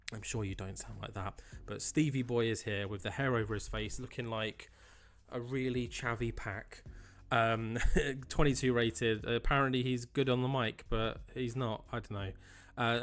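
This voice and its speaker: A young man hosts a gaming channel, offering casual let's-play commentary on his own playthrough. His voice sits on the low side with a bit of brightness, and he stays chatty and upbeat, joking along the way.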